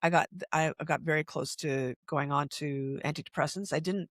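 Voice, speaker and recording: A woman's voice: low voice, fairly even intonation, normal speed, no echo, studio quality. A middle-aged woman co-hosting a podcast, speaking frankly and emphatically in casual chat. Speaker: podcast co-host.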